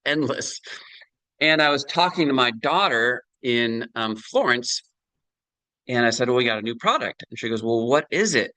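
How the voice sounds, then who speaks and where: A man's voice: medium pitch, animated, moderate pace, sharp tone, no echo, rough recording. A middle-aged man giving a chatty sales presentation on a video call, full of fillers and "right?" tag questions.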